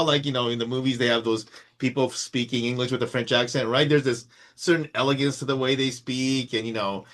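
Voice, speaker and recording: A man's voice: on the high side, fairly bright tone. Middle-aged man rambling with many fillers. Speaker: podcast co-host. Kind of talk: casual chat.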